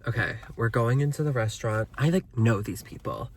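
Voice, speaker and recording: A young man chatting excitedly to his viewers in a casual vlog, joking at his own expense and calling them "girl". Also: mid-range voice, fairly quick, a little hiss or hum. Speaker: vlogger. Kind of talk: casual vlog chat to camera. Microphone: phone held while talking.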